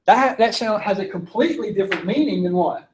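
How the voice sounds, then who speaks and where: A man teaches a philosophy class in a casual, conversational lecture, posing questions to his students. His voice sits high and moves a little fast, with a faint hiss or hum in the recording.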